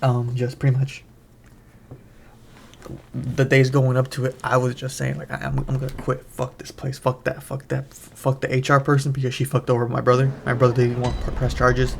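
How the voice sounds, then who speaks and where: A man's voice: medium pitch, completely flat delivery, moderate pace, creaky. A young man hosting a gaming channel, telling a long, profane, rambling story in casual commentary while he plays at home. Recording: noisy background.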